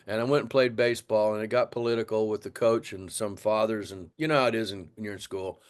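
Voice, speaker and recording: An older man from Texas, a drummer, telling an animated story in an interview and acting out the voices of others. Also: on the low side, fast talker. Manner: animated storyteller, acts out voices, laughs often. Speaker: guest drummer.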